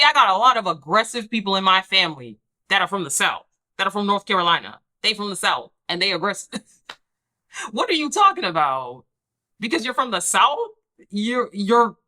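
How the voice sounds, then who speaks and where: Young woman host for a TV recap, sassy and emphatic, bright tone. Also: mid-range voice. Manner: emphatic, sassy, acts out the people she quotes. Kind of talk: casual recap commentary.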